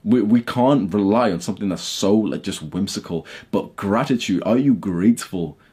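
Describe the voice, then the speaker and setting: Blunt, husky-voiced young man. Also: on the low side, moderate pace, darkish tone. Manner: blunt, swearing, heated rants. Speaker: YouTuber. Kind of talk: casual talk to camera. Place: his bedroom at home.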